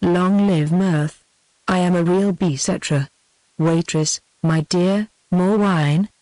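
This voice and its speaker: A woman's voice: lowish voice, slow pace, no room sound, low-quality recording. A woman's synthetic voice reading a boastful young scamp. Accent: British English. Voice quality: even synthetic text-to-speech reading. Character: brash young male scamp in armor, boastful.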